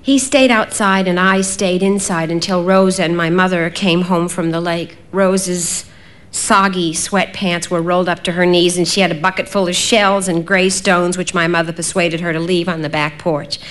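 Measured woman reading an audiobook. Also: fairly low pitch, fairly even intonation, fairly bright tone. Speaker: narrator.

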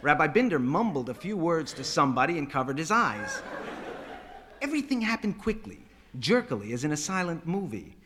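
A man narrating a story aloud with animated, dramatic delivery. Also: fairly high pitch, fairly quick, slight background noise. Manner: animated, voices characters.

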